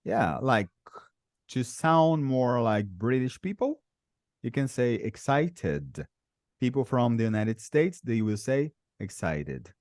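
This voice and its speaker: A Brazilian man teaching an online English lesson, patient and slow, repeating words for his students. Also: medium pitch, expressive, darkish tone, dry recording, studio quality. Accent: Brazilian Portuguese. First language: Portuguese.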